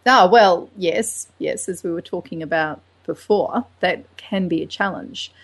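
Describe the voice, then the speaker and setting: A woman's voice: lowish voice, unhurried. Enthusiastic woman co-hosting a sex podcast. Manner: enthusiastic, animated, acts out little quotes. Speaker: podcast co-host. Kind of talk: casual sex-education chat.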